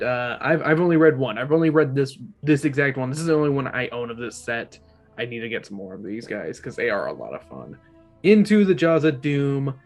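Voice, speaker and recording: A book club host giving a casual, opinionated video review, rambling and often restarting sentences. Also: medium pitch.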